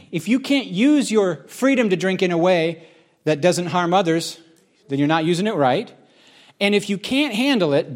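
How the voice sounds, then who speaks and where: A middle-aged pastor tells his own story from the pulpit in a candid, chatty way. His voice sits slightly high for a man, and he often restarts his sentences. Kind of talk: sermon-style personal testimony.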